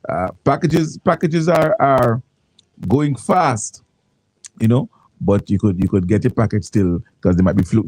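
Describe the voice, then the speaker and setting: A man's voice: sits low, mellow, rough recording. A man hosting casual morning radio, rambling with restarts and local slang. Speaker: radio host. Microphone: studio microphone.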